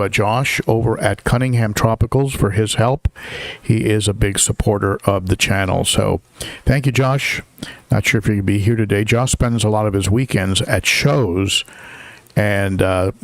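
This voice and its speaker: Older male live stream host, low voice, dry close sound, rambling and friendly. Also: dry recording. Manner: chatty, many fillers and restarts, greets viewers. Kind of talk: casual live stream chat.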